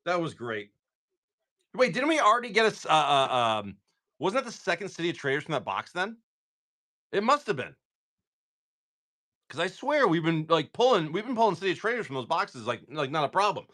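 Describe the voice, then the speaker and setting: A man running a live card sale, talking in a rambling, chatty way and often restarting. His pitch is animated, and his voice is bright and forceful. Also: a little fast, pauses often. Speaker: live card-break seller. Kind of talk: casual live-stream chat.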